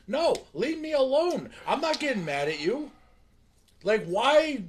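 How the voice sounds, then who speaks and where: A man's voice: extremely high pitch, moderate pace, slight background noise. A man on a podcast, chatting casually and animatedly with many fillers of "like". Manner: animated, fillers of "like", mock voices for others. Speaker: podcast guest.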